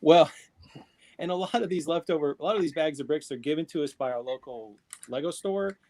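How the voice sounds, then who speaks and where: A man's voice: fairly high pitch, brisk, a little mellow. A man chatting casually on a live video call, rambling with fillers and restarts, speaking into a tablet microphone. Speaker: panelist on a live video show. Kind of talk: casual chat.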